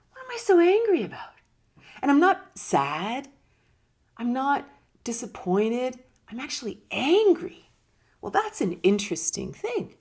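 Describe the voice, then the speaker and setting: A woman with a gravelly, fry-touched voice talks through ideas in a relaxed, conversational teaching manner. She leans on words for emphasis and slips into little acted-out quotes along the way. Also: mid-range voice. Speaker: speaker on personal growth. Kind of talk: casual spoken teaching talk.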